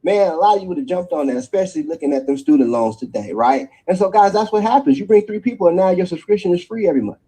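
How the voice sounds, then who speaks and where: A man delivers a rapid, high-pitched sales pitch for a network marketing plan. His voice is husky and dark in tone. He drives each point home and checks in with his listeners again and again. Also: poor audio. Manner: energetic preacherly pitch, tag questions after each point.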